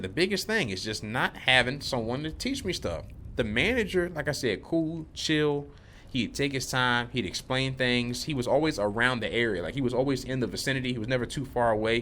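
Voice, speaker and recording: A man's voice: on the low side, bright, forceful tone, a little hiss or hum. A young man vlogging, telling a rambling, laid-back story about work, full of slang. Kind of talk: casual rambling monologue.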